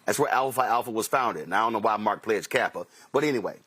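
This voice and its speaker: A man's voice: on the low side, lively intonation, quick pace, fairly bright tone, breathy edge. A man hosting a talk show, telling anecdotes in an emphatic commentary monologue and acting out dialogue as he quotes himself and others. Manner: emphatic, repeats key phrases. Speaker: host.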